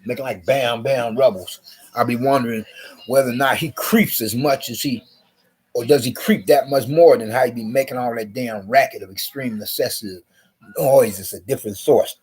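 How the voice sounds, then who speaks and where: Guy ranting on his vlog, swearing a lot, going in circles, mid pitch. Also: normal speed, slightly rough. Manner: profane, repetitive, agitated; rises sharply when quoting himself. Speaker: vlogger. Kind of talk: rambling storytelling rant to camera.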